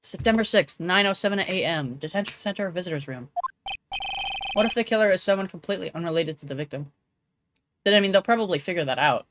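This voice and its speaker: A woman's voice: fairly low pitch, expressive, quick pace, fairly bright tone, slight background noise. Rambling young woman streamer. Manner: rambling, trails off with "like". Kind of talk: casual let's-play commentary.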